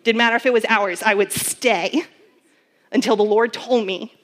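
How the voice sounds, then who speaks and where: Woman, young adult, earnest testimony sermon, fairly high pitch, chatty storytelling. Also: steady tone, normal speed, fairly bright tone. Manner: earnest storytelling with many fillers.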